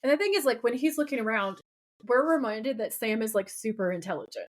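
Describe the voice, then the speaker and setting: Woman, podcast co-host, casual episode recap, slightly high voice, lively quoting of characters. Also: brisk. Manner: animated retelling, quoting the characters' lines.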